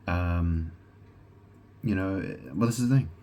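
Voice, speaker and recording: Slow and mellow, the deep-voiced vlogger who claims to be a god delivers a meandering monologue to camera. He swears liberally, says things more than once, stops and restarts, and keeps asking the listener rhetorical questions.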